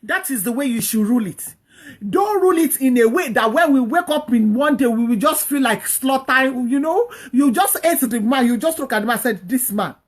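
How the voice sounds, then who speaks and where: A woman's voice: sits high, expressive, moderate pace, husky. A woman hosting a talk, giving earnest, repetitive marriage advice and exhorting her listeners.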